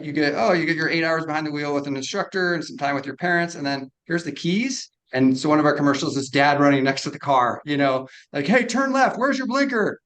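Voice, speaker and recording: A man's voice: on the high side, a bit bright, poor audio. A man explaining his invention in a casual podcast interview. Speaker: inventor guest.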